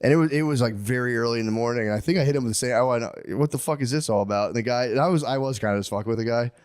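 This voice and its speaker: A man's voice: mid-range voice, rapid-fire, darkish tone, clear, resonant tone, no room sound, clean studio sound. A man co-hosting a podcast in casual chat, telling stories with lots of laughter and acting out the people in them. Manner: laughing storyteller, acts out people in his stories. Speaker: podcast co-host.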